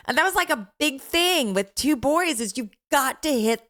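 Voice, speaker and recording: Animated middle-aged woman, lively pitch. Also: moderate pace, hardly any pauses. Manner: animated, laughing, swearing freely. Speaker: podcast co-host, mother. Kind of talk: casual chat.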